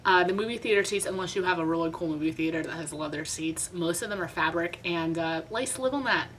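A woman's voice: lowish voice, quick pace, a bit bright, a little hiss or hum, rough recording. A young woman vlogger telling a story in a chatty, dramatic, self-mocking way. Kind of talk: casual storytime vlog.

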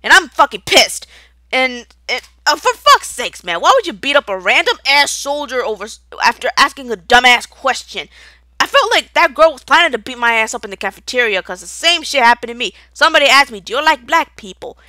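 A woman's voice: high-pitched, very animated, brisk, bright, forceful tone, no echo. A young woman in an unscripted rant, angry and profane, rambling with stutters and restarts. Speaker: video creator.

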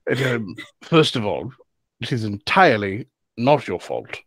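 A man playing a tabletop game who speaks in a measured way, laying out his points in order. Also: medium pitch, very animated, fairly bright tone, breathy edge, no echo. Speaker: player. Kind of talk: casual tabletop play.

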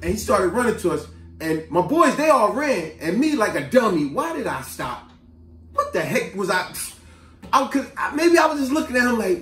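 A man tells a story in an animated, slangy way, his fairly high voice swooping up and down a lot. The sound is roomy and echoing, with the mic set some way off. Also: normal speed, far from the mic. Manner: animated, street-slang storyteller who breaks into asides and acted quotes. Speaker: vlogger. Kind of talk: casual storytelling to camera.

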